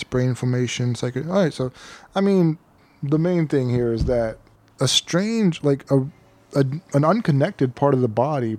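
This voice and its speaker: A man co-hosting a relaxed podcast, reading from case notes and tripping over long medical terms. His pitch sits in the middle range for a man. He slips easily between reading and laughing along with his friends. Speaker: podcast co-host. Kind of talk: casual chat.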